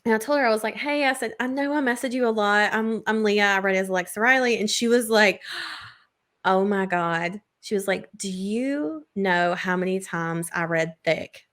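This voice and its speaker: A woman, telling a story in casual podcast chat, full of "like" and quick laughs. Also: mid-range voice, a bit bright. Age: 20s. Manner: chatty storyteller, lots of "like" and laughs. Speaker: podcast co-host.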